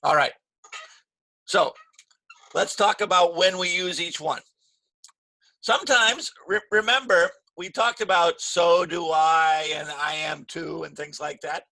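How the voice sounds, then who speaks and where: A man teaching an English grammar lesson, slow and patient, repeating key phrases with stress. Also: on the high side, fairly even intonation, vocal fry, pushed and bright, no room sound.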